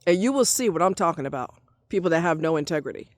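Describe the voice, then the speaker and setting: A woman's voice: on the low side, expressive, fast talker, no echo, studio quality. Angry, cussing middle-aged woman ranting. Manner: heated, profane, repetitive ranting. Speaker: vlogger. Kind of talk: angry vlog rant.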